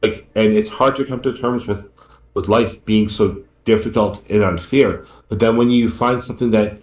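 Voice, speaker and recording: A man's voice: fairly low pitch, steady tone, moderate pace, a little mellow. A man being interviewed as a guest author, talking earnestly and repeating his words, tearing up. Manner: earnest, repeats himself, grateful. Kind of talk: emotional interview talk. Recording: echoey room.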